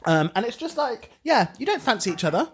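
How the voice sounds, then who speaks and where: A British podcast co-host with a very high-pitched, husky voice talks a little fast, telling animated stories in casual chat. He laughs often and acts out other people's voices.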